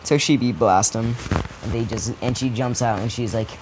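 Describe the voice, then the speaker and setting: A man's voice: mid-range voice, normal speed. Rambling young man, noisy recording. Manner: rambling, profane, lots of restarts. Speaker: storyteller. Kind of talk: improvised fan-fiction storytelling. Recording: steady background noise.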